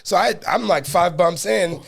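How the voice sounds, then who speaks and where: A man's voice: sits high, normal speed, creaky, slightly rough. A man hosting a podcast, chiming in casually, sharing his own story and asking his guest follow-up questions. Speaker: podcast host. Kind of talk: casual chat. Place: podcast studio.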